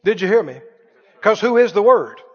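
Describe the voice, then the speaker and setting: High-pitched preacher guy, punchy and repetitive, muffled recording with long church reverb. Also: sing-song, normal speed, slightly rough. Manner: emphatic, repeating phrases, swinging from loud to quiet. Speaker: pastor. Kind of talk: sermon. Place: church sanctuary.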